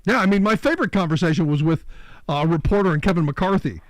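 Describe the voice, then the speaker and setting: A man's voice: high voice, fast, dry recording. A man hosting a call-in radio talk show, talking in a loose, opinionated, conversational way.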